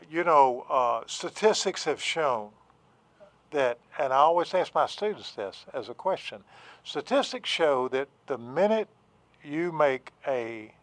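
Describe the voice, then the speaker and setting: A man talking as a therapist and professor on a radio show, halting, with many fillers and restarts. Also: medium pitch, animated, dry recording. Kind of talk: casual radio talk.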